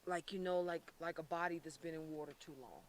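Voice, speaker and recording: A man from Florida working as a psychic medium on an outdoor paranormal investigation, talking intensely and haltingly with many restarts. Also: on the high side, steady tone, far from the mic, a little hiss or hum. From Florida, USA. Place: outdoors by a reservoir.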